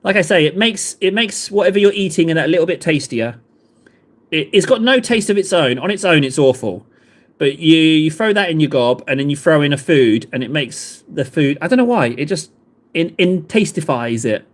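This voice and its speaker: Guy rambling to his stream chat, highish lively voice, lots of ums. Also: moderate pace. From England. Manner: rambling, self-deprecating, many fillers. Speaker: livestream host. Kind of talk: casual chat with live viewers.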